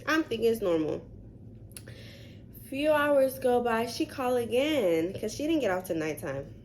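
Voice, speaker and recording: A woman's voice: a little high, measured pace, a little hiss or hum. Chatty young woman telling a storytime. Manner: animated, chatty storytelling with many "like" fillers; addresses viewers as "y'all". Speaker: vlogger. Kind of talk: storytime vlog.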